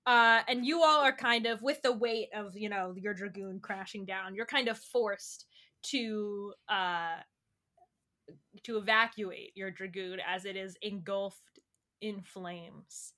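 A woman's voice: mid-range voice, slow, pushed and bright. A woman narrating as game master of a tabletop role-play, playful and dramatic.

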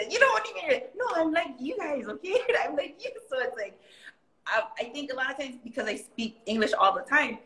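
Animated Hawaiian woman in a roomy space. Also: high voice, fairly quick. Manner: animated storyteller, laughing often, slipping into pidgin voices. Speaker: guest. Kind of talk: casual chat. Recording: roomy echo.

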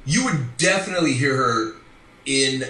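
A man's voice: medium pitch, lively intonation, moderate pace, pushed and bright. A man, a voice actor, chatting casually and easygoingly in an interview, often repeating words as he thinks. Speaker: voice actor guest. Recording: roomy, distant mic with faint background noise.

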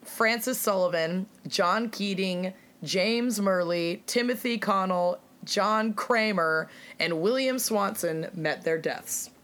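A woman's voice: mid-range voice, slow, fairly bright tone. Swearing woman telling a true crime case. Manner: storyteller reading quotes aloud, swearing, dry asides. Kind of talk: casual chat.

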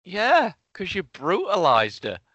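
A man's voice: high-pitched, wildly swooping pitch, slow pace, sharp tone, dry recording, lo-fi sound. A man from England in casual chat, teasing his co-host in a playful way.

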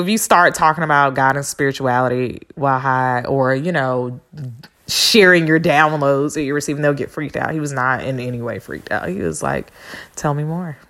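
A woman with a low, deep-set voice talks through a personal story as a podcast host. Her speech has a gravelly, fried edge, and her delivery is candid and blunt, with cursing and slangy asides. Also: fairly bright tone. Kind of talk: casual storytelling monologue.

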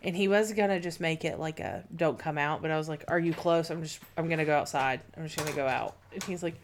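Low-pitched young woman, wry and candid. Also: fast talker, slight background noise. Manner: candid, wry, swears casually. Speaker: podcast co-host. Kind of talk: casual storytelling chat.

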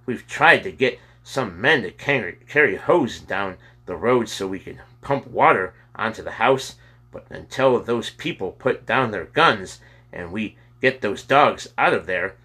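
A man voicing a worried fire chief in a storybook, speaking loudly with fear in his voice. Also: lowish voice, expressive, unhurried, slightly rough, full character voice. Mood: fearful. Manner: loud and fearful.

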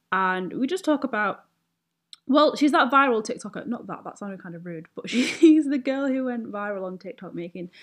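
A woman hosting a podcast, chatty and self-correcting, often laughing at her own asides. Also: mid-range voice. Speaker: podcast host. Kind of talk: casual podcast intro and interview.

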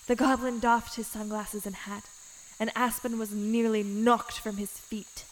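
Slow mock-dramatic woman narrator. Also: a little high, flat delivery, a little hiss or hum, rough recording. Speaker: story reader. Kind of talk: comic story narration.

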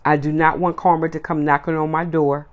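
A woman's voice: sits low, flat delivery, fairly quick, muffled recording. Blunt, emphatic woman podcast host. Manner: blunt and emphatic, stacks repeated words. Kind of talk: solo opinion podcast monologue.

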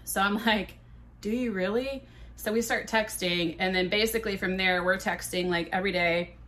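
A woman in her thirties, a podcast host, telling a candid, profane story in a casual, animated way. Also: medium pitch, brisk, slight background noise.

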